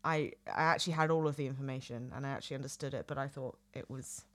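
A woman's voice: very deep voice, steady tone, a bit bright. A woman with a northern English accent co-hosting a podcast in casual chat, playful and teasing. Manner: chatty, playful, quick to laugh and tease. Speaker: podcast co-host.

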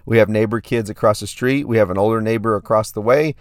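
A man's voice: fairly low pitch, quick pace, smooth, no room sound, studio quality. A man in his thirties hosting a fitness podcast, telling a story in a hyped, repetitive way. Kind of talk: casual podcast monologue.

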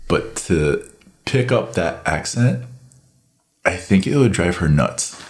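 A man speaking in a relaxed, reflective way during a casual chat. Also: deep voice, takes it slowly.

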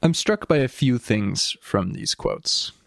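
A man co-hosting a casual podcast, reading quotes aloud and chatting with dry, deadpan humor. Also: mid-range voice, slow pace, gravelly, no echo. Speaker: podcast co-host.

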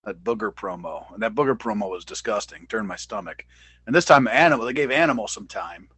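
A man co-hosting a casual podcast chat, animated and playful. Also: lowish voice, fairly quick, breathy edge, no room sound. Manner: animated, mocking impressions in bursts. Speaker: podcast co-host. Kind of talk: casual wrestling review chat.

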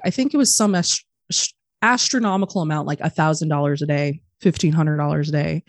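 A woman's voice: low voice, brisk, no room sound, studio quality. A woman in her thirties, a podcast guest talking casually and bluntly, swearing often. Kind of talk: casual interview talk.

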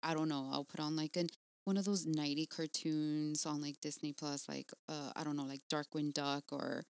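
Excitable, slangy woman on a podcast. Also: low-pitched, normal speed, no room sound. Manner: excitable, slangy, swears casually. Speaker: podcast co-host and mother. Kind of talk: casual chat.

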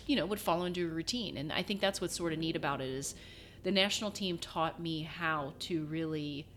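A woman's voice: sits low, a little fast, slight background noise. A woman guest in an interview, casually telling stories and acting out what people said. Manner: animated, acts out quoted voices. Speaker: guest, former national team soccer player.

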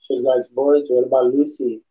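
A man's voice: mid-range voice, little pitch movement, moderate pace, warm tone. Rambling laid-back male podcast host. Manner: rambling and laid-back, peppered with slang and swearing. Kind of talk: casual morning show chat. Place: home room. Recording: dull lo-fi sound.

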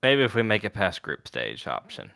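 A man's voice: fairly low pitch, huge pitch swings, moderate pace, creaky, bright, forceful tone. A man in a casual chat, tossing in dry joking asides.

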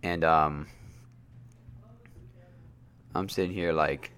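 A man with a low voice hosts a casual wrestling podcast, speaking at a slow, unhurried pace. He rambles through his recap with plenty of fillers and restarts. When he gets worked up, his voice jumps up high. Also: fairly even intonation, fairly bright tone, clean tone. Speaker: podcast host.

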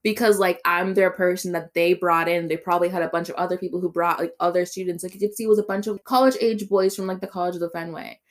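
A woman's voice: lowish voice, fast talker, hardly any pauses. Young woman telling a story with swears. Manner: animated storytelling with swearing and laughter. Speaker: podcast co-host. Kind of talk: casual chat.

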